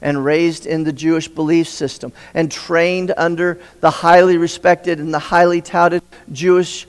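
A man's voice: on the high side, level tone, unhurried, clean tone. A male pastor preaching a sermon, retelling a story and putting questions to the congregation. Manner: storytelling, asks the audience questions. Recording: long hall reverb.

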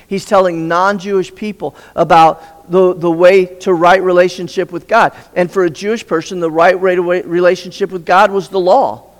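A male pastor preaches in a storytelling manner, stopping to put questions to his listeners. His voice is fairly high and gravelly. The sound rings with a long reverb from a large hall. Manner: storytelling, asks the audience questions. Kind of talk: sermon.

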